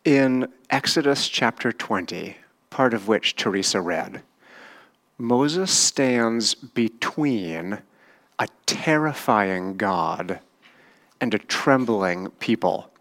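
A male pastor delivers a sermon at an unhurried pace. His voice sits on the low side, and he keeps it conversational, putting questions to his listeners as he goes. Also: expressive, a bit bright. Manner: conversational, asks the congregation questions.

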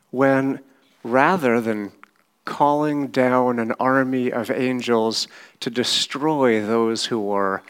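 A man preaching a sermon, teaching slowly and often checking in with his listeners with a quick "right?". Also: medium pitch. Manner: slow, measured teaching with frequent "right?" checks. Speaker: pastor.

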